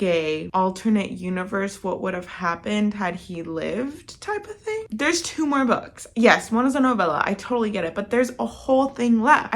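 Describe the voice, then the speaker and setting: A woman's voice: mid-range voice, a bit bright. Give me a chatty woman book vlogger who reacts dramatically. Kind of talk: casual reading vlog.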